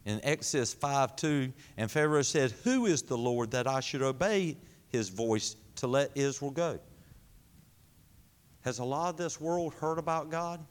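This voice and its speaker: A man preaching a sermon, asking the congregation questions and answering them himself, swinging between high emphatic lines and low quiet ones. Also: animated, unhurried, clear, resonant tone. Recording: long hall reverb.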